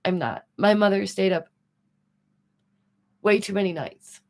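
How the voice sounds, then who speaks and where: A woman's voice: medium pitch, lively intonation, measured pace, gravelly, darkish tone. A woman hosting a commentary livestream, talking casually and animatedly to her audience with rhetorical questions. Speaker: commentary streamer.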